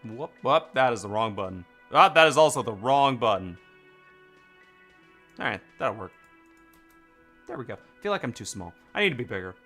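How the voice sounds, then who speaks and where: A man giving casual let's play commentary, animated and jokey, swearing often. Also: mid-range voice, normal speed, pauses often, soft background music. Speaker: gaming channel host.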